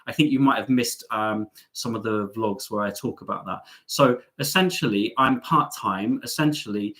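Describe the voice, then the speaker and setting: A man's voice: fairly low pitch, moderate pace, sharp tone. Chatty, sarcastic middle-aged man. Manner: chatty, self-mocking, sarcastic asides, many ums. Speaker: travel vlogger hosting a live stream. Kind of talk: casual live-stream chat reading viewer comments.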